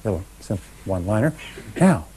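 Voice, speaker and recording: A man's voice: lowish voice, big pitch swings, a little fast, dark tone, slight background noise, rough recording. A middle-aged man giving a motivational seminar talk, speaking emphatically and directly to a live audience. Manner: emphatic, talks straight to a live audience, leads call-and-response chants.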